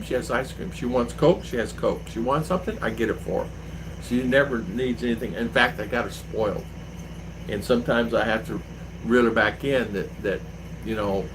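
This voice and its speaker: A man's voice: medium pitch, sharp tone, slight background noise, poor audio. Rambling older man chatting live. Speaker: livestream host. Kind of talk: casual livestream chat.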